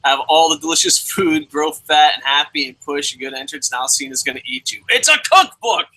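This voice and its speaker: A young man hosting a casual live review alone, reading viewer comments aloud and swearing freely as he jumps between loud outbursts and mumbled asides. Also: fairly high pitch, little pitch movement, brisk, poor audio. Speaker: show host.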